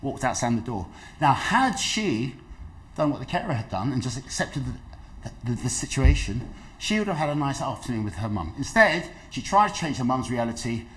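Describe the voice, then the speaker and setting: Animated man giving a talk. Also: mid-range voice, moderate pace. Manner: lively storytelling, acts out quoted voices. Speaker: dementia awareness trainer. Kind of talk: health talk to an audience.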